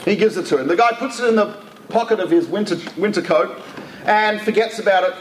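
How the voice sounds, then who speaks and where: A man's voice: high-pitched, fairly quick. A man telling a story in a lecture, talking casually with asides and restarts. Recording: echoey room with faint ambient noise.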